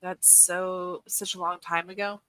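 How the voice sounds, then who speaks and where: Bright chatty woman telling stories. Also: on the low side, little pitch movement, unhurried, smooth, no room sound, low-quality recording. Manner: chatty storyteller, lots of fillers and laughs. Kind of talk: casual livestream chat.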